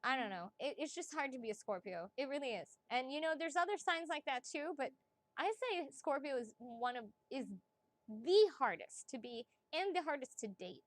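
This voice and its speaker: A woman reading as a psychic in a casual livestream chat, chatty and excitable, laughing often and swearing casually. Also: sits high, moderate pace, dry recording. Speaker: psychic reader.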